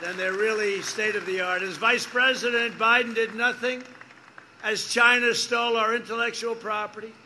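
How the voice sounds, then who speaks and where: At an outdoor campaign rally, a US politician gives a rambling, repetitive speech, throwing emphatic asides to the crowd. His voice is high, pushed and bright, with a little hiss or hum.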